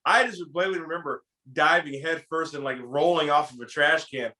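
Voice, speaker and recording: A man casually telling a story from his youth to a friend, animated and acting out the lines he quotes. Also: fairly high pitch, fairly quick. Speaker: podcast co-host telling a story.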